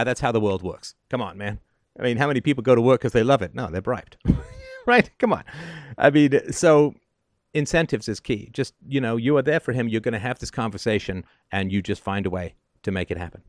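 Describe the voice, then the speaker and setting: A man's voice: medium pitch, a little fast, no room sound. A man hosting a call-in show, giving advice in an emphatic, sardonic monologue and often asking "right?".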